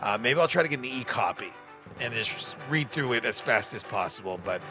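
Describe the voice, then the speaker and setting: A man's voice: medium pitch, animated, fairly quick, over music. A man hosting a radio show, chatting casually and rambling between songs with self-deprecating asides. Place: radio studio.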